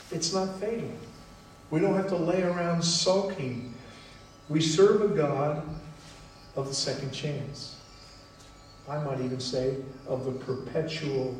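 A man preaching a sermon as pastor, unhurried and emphatic with long pauses. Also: on the high side, slight background noise. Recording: echoey hall, mic at a distance.

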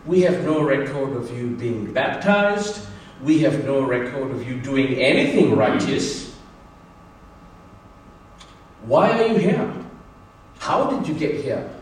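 A preacher playing a stern supervising angel. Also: male voice, medium pitch, big pitch swings, unhurried, a little hiss or hum. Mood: insistent. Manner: raised, insistent questioning. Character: bewildered officious supervising angel, stern questioner. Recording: echoey church from far off.

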